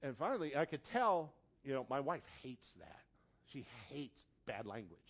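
A man preaching a sermon in a conversational, storytelling way, acting out quotes and rising to loud emphasis. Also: mid-range voice, sing-song, normal speed. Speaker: pastor.

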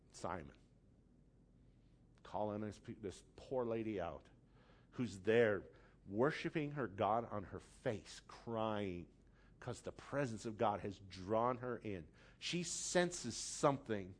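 A middle-aged man preaching a sermon as pastor, passionate, dropping to hushed tones and rising to loud emphatic lines. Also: lowish voice.

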